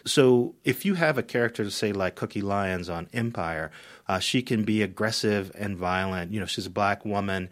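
A man's voice: lowish voice, normal speed. A man speaking as a critic in a radio interview, thoughtful, often repeating words as he starts. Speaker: media critic guest.

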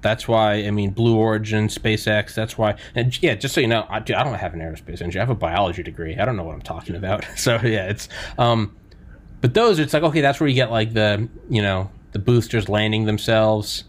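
A man hosting a podcast in casual chat, telling stories in a rambling, excitable way and swearing now and then. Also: lowish voice, a little fast. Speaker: podcast host.

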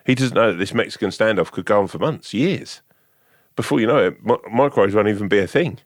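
A man's voice: on the low side, quick pace, no echo, clean studio sound. A man co-hosting a podcast, telling long, jokey, rambling stories and swearing casually. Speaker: podcast co-host. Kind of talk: casual chat.

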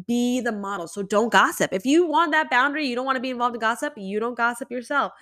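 A woman's voice: on the high side, fast, a bit bright. A young woman hosting a solo podcast, talking casually and chattily with lots of "you know" fillers. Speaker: podcast host.

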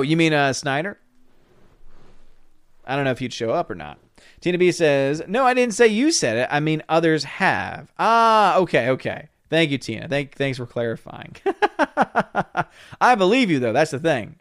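A young man hosting a livestream, reading viewer comments aloud and answering them with laughs and quick retorts. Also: medium pitch, clear, resonant tone, dry recording, studio quality. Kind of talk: casual livestream chat.

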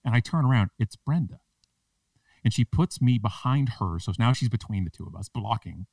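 A man's voice: medium pitch, expressive, normal speed, gravelly, a little mellow, no room sound, recorded from a distance. A man, a public speaker and podcast guest, tells a story with punchy, self-mocking comic timing. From Canada. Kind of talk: animated storytelling in a podcast interview.

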